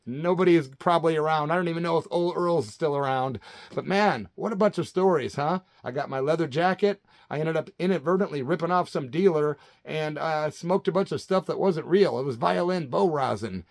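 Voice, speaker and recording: A man in his late fifties hosts his own storytelling channel, talking casually with lots of animation. His voice sits a little high for a man, and the sound is close and dry with no room around it. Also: brisk, no room sound. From Central Illinois. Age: 50s. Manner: animated, says "man" constantly. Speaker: channel host.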